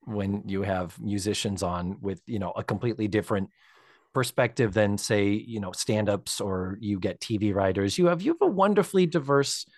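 Podcast host, adult man, eager and halting, dry voice. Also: lowish voice, darkish tone, no room sound. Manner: enthusiastic, hesitant with fillers and restarts. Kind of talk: casual chat.

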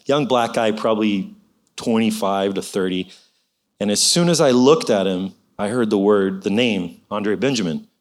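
A man's voice: fairly low pitch, normal speed. A middle-aged man telling a personal faith story in a conversational, preaching style. He exhorts his listeners and keeps adding "you know" asides.

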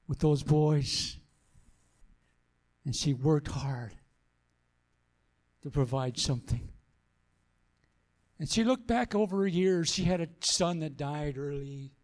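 Man, pastor, earnest sermon, repeats phrases, slightly high voice. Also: fairly even intonation, slow, long pauses.

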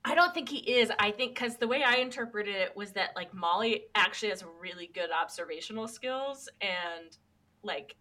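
A woman co-hosting a podcast, chatting casually about a cartoon, relaxed and wry, with lots of fillers. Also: mid-range voice, moderate pace. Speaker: podcast co-host. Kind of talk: casual chat recapping a cartoon.

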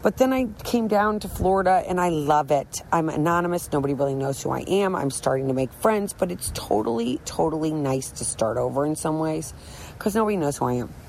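A woman's voice: low voice, lively intonation, fairly quick, a little mellow, slight background noise, poor audio. Earnest rambling middle-aged woman. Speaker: woman speaking about recovery from drinking. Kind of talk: candid personal monologue.

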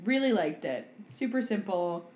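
A woman's voice: mid-range voice, expressive, measured pace, a little mellow, a little hiss or hum. A young adult woman co-hosting a casual movie podcast, rambling, giggly and self-mocking, talking into a studio microphone. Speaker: podcast co-host.

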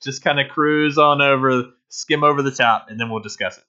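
A man's voice: medium pitch, fairly quick, sharp tone, muffled recording. A man co-hosting a casual game review podcast, rambling and restarting his sentences, swearing offhandedly. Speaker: podcast co-host.

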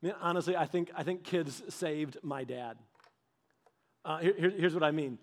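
A man's voice: fairly high pitch, moderate pace. A man preaching a sermon in a conversational way, acting out little dialogues. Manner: animated, acts out little dialogues; conversational, with casual fillers. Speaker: pastor.

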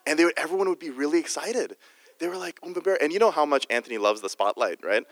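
A man's voice: a little high, expressive, fast talker, a bit bright, big-room sound, a little hiss or hum. A man preaching a sermon in a jokey, conversational way, often restarting his sentences. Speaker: guest preacher.

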